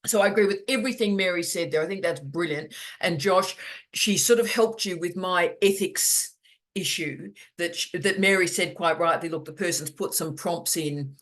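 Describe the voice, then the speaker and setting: A middle-aged academic runs online office hours over a video call, chatting casually in a medium-pitched voice at normal speed. He's animated and jokey, repeating words for emphasis.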